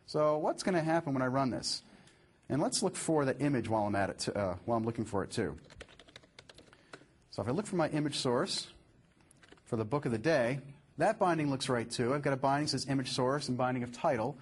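A man presenting a live software demo, upbeat and explaining step by step as he clicks through his code. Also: medium pitch, animated, brisk, slightly rough.

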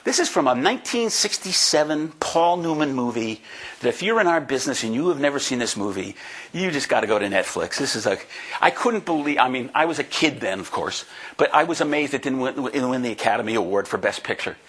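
Husky man in his sixties giving a talk. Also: medium pitch, lively intonation, a little fast, a bit bright. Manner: emphatic and folksy, with frequent "right?" asides. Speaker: conference speaker and book co-author. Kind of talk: lively presentation to an audience. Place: talk before a live audience.

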